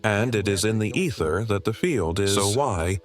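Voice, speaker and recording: A low-voiced man teaches spirituality with an animated, rising and falling delivery. He explains earnestly and repeats his key points, while soft music plays behind him. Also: moderate pace. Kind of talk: spiritual talk.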